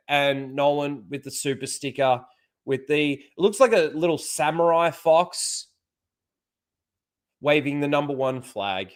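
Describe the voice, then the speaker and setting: A man hosting a casual livestream, swearing freely and chuckling often. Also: fairly high pitch. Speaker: livestream host.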